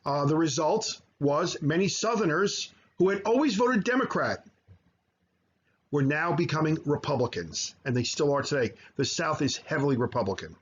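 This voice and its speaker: A man teaching high school history over slides, explaining at length with frequent fillers and self-corrections. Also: lively intonation, moderate pace, slightly rough, muffled recording. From United States. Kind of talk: recorded slideshow lecture.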